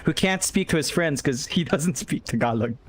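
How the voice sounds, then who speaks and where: Young Filipino male caster on a headset, relaxed stream banter, quick to laugh at himself, slightly high voice. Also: slight background noise. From Philippines. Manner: chatty and self-mocking, laughing often. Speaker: esports caster. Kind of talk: casual chat between casters on a live stream.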